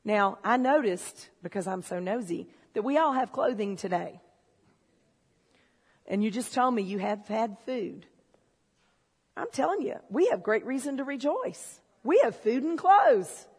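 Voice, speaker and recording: A woman preaching a sermon in a church, telling stories and swinging from low, confiding talk to shouted excitement. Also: a little slow, pauses often, husky. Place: church hall. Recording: long hall reverb.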